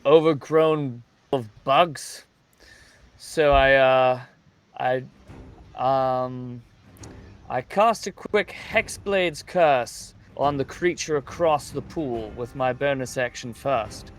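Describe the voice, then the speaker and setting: A man playing in a tabletop game, playful and excitable, stalling on fillers as he thinks. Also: medium pitch, slow pace. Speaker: player. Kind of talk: casual tabletop play.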